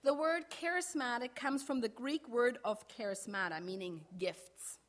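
A middle-aged woman pastor giving a sermon in a measured way, slowing down to stress key phrases. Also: on the high side.

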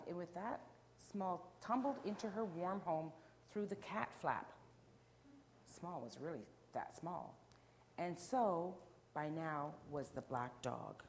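A woman reading a picture book aloud to children, animated, asking them questions and dropping to whispers. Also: deep voice, slow, slight background noise. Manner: animated, asks the listeners questions, drops to whispers. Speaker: storyteller.

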